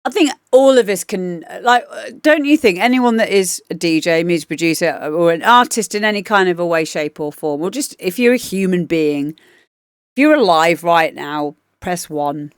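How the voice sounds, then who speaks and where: Speaking at a moderate pace in a smooth, animated voice on the low side, a woman DJ and livestream host offers feedback on demos. She chats and rambles casually with plenty of fillers, and the studio-quality recording has no echo.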